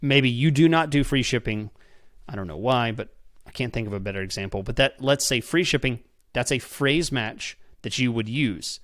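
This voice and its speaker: A man's voice: mid-range voice, moderate pace, fairly bright tone, dry recording, clean studio sound. A man hosting a podcast, explaining a method step by step, often checking in with "okay?" and repeating words as he restarts sentences. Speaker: podcast host. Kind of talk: instructional podcast talk.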